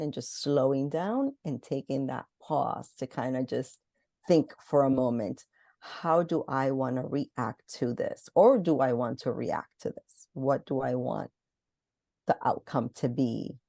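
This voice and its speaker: A woman teacher speaking as a podcast guest in a measured, thoughtful, reflective way. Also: extremely low pitch, warm tone, no room sound, clean studio sound. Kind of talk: reflective conversation.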